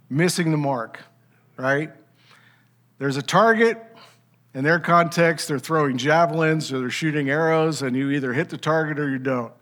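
A man preaching a sermon, teaching in an emphatic, conversational way with rhetorical asides. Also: on the high side.

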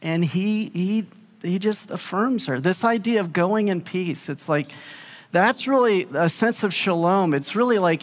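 A man preaching in a relaxed, conversational way, telling stories and acting out quotes. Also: high voice, unhurried, in a large hall. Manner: casual and animated, acting out quotes in plain speech. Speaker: pastor. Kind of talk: conversational sermon with storytelling.

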